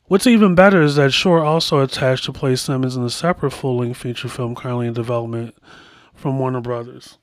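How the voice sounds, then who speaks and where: A man's voice: medium pitch, steady tone, brisk, no echo, studio quality. A man hosting a podcast, chatting casually and rambling through asides as he comments. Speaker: podcast host.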